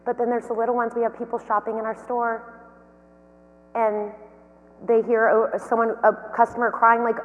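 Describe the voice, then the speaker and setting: A woman giving a motivational keynote talk, telling anecdotes in a lively, storytelling way. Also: fairly high pitch, normal speed. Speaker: keynote speaker and company founder. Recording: long hall reverb.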